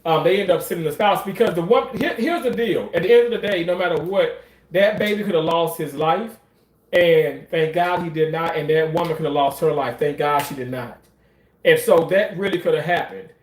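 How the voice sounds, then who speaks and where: A man's voice: fairly high pitch, fairly quick. Profane storytelling man in an echoey room. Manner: profane, emphatic, repeats himself for effect. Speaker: commentator. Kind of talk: casual storytelling.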